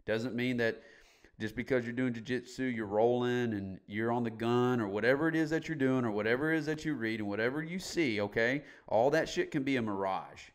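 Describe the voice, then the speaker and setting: A man's voice: medium pitch, fairly quick. A middle-aged man as a podcast guest, candidly telling his story in a blunt, emphatic way and swearing casually.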